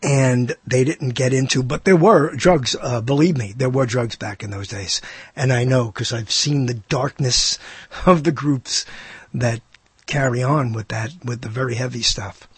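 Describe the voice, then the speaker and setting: Older New York man hosting radio talk, rambling and theatrical, husky, fairly high, dry sound. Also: unhurried, no room sound. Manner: rambling, self-mocking, theatrical. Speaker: radio show host. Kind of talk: casual monologue.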